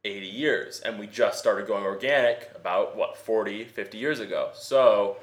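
A man's voice: lowish voice, moderate pace. A man co-hosting a casual talk show, eagerly listing facts and often restarting his sentences. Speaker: podcast co-host. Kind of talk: casual chat.

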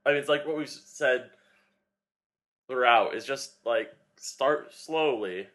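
A man's voice: medium pitch, slow pace, fairly bright tone. A young man co-hosting a fitness podcast in casual chat, rambling with lots of fillers as he explains. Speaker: podcast co-host, personal trainer.

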